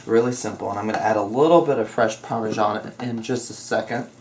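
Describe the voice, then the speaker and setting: A man's voice: fairly low pitch, fast, a little mellow. A man walking through a recipe as he cooks, chatty and joking while he explains each step. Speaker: home cook demonstrating a recipe. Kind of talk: casual cooking chat. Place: home kitchen. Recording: echoey kitchen with cooking sounds.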